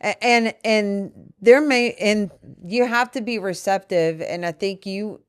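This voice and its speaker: A woman's voice: medium pitch, takes it slowly, clear, resonant tone, no room sound, studio quality. A woman co-hosting a podcast, talking earnestly and at length with her partner about a disagreement. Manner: earnest, explaining at length with restarts. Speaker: podcast co-host. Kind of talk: candid couple conversation.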